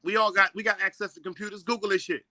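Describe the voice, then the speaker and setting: A man tells a personal story in an earnest, emotional way, stumbling and repeating words as he goes. His voice sits a little high and sounds bright and forceful. The sound is close and dry. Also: little pitch movement, fast, no echo. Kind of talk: casual chat.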